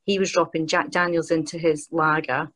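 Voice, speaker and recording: A Scottish woman, an author and broadcaster, telling an animated, rambling anecdote as a podcast guest. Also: deep voice, normal speed. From Scotland. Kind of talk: casual podcast storytelling.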